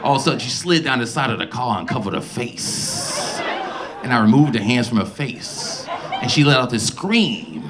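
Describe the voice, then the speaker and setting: A man voicing his eighty-seven-year-old grandfather, halting and full of uhs, defensive, over loud audience laughter. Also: mid-range voice, sing-song, a crowd in the background, background noise, close to an everyday voice. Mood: rambling. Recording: live club mic with loud audience laughter.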